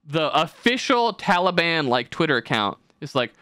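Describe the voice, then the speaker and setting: A man's voice: fairly high pitch, sing-song, moderate pace, bright, forceful tone, clean tone, no echo, studio quality. A young man hosting a podcast, talking in a rambling, profane way and slipping into mocking voices. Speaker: podcast host. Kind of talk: casual podcast chat.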